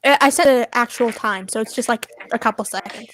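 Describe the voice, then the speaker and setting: A woman's voice: a little high, a little fast, background noise. A woman co-streamer chatting brashly with a friend and reading fan fiction aloud, laughing and swearing. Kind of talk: casual chat and reading aloud.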